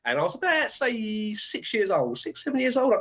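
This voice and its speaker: Animated older british guy on radio, high-ish voice, does voices in his stories. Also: normal speed. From Britain. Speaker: author and guest. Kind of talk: animated radio interview storytelling. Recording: dull lo-fi radio audio.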